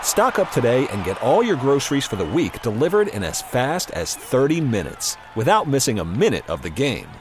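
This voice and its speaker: Brief: male ad announcer, animated pitch, background noise under the read. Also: moderate pace, few pauses. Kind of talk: radio commercial read.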